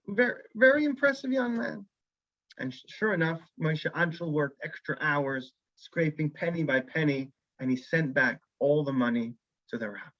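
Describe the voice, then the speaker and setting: A man's voice: on the high side, normal speed, no echo, muffled recording. A man teaching a weekly Torah class as a rabbi, telling a story and acting out the characters' lines. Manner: animated storyteller who acts out characters' lines.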